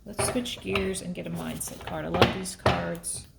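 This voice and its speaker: Chatty tarot reader woman, gravelly edge. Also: lowish voice, level tone, a little slow, heavy background noise. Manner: emotional, chatty, thinks aloud while pulling cards. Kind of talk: casual tarot reading to camera.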